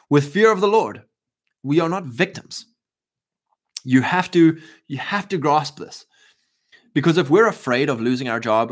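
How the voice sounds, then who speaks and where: A South African man hosting a livestream in a fervent, rambling, preachy monologue, with many restarts and a lingering cough. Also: medium pitch. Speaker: livestream host.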